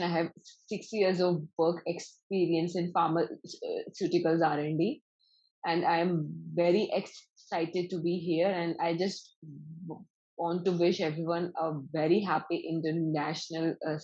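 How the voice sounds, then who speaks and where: Woman panelist, slow and deliberate, occasional stutters, muffled video-call sound. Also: fairly low pitch, little pitch movement, a little mellow, husky. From India. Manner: slow, with fillers and brief stutters. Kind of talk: self-introduction on a panel. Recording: dull lo-fi call audio.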